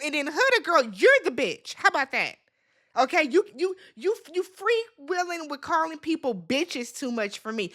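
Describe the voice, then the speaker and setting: Sassy high-voiced woman vlogger. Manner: sassy, animated, talks straight to viewers as "y'all"; blunt and opinionated, quick swings in loudness. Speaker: recap vlogger, show host. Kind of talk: casual reality-TV recap commentary.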